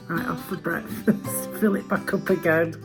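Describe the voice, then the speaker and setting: A middle-aged woman with a Yorkshire accent, a touring folk musician chatting through a video diary, often dropping into hushed near-whispered asides. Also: lowish voice, fairly even intonation, slow, rough recording. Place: van and hotel rooms on tour. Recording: clear music playing behind.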